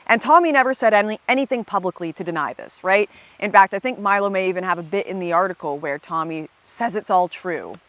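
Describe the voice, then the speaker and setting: A woman giving casual commentary to camera, animated and blunt, often breaking into laughter. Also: medium pitch, no room sound. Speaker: video commentator.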